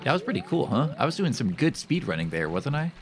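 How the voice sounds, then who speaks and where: A man streaming a game live, talking casually to his chat. His pitch jumps up and down a lot as he jokes, and he often makes fun of himself. Faint music plays behind him. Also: fast talker. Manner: animated, joking, talks to chat; self-mocking.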